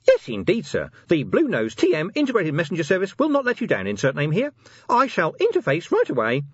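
A man voicing a tiny nervous male imp, squeaky and quavering, meek and defensive. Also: huge pitch swings, normal speed, husky, dry recording, muffled recording, exaggerated voice. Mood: eager.

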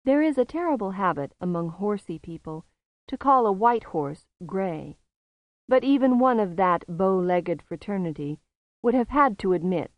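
Woman narrating an audiobook, slightly low voice, calm, slow, dry close sound. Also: dry recording, dull audio. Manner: calm, measured.

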